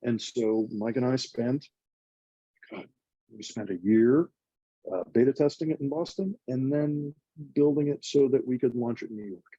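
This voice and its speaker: A man's voice: mid-range voice, moderate pace, warm tone, no room sound, lo-fi sound. A man in his forties, a nonprofit co-founder, telling his story in an earnest, emotional, chatty way. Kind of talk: reflective conversational storytelling.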